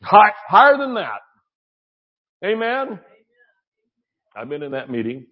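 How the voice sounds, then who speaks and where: A man preaching a sermon with exuberant energy, swinging from shouts to quiet asides. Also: high voice, sing-song, takes it slowly, lo-fi sound.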